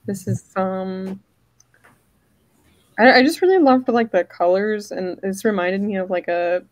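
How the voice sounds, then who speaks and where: A woman chats casually as a co-host. She talks in a halting way, full of "like" and "um". Her voice is close and dry, with middle pitch. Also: dry recording, rough recording. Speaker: co-host, photographer. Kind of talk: casual chat on a call.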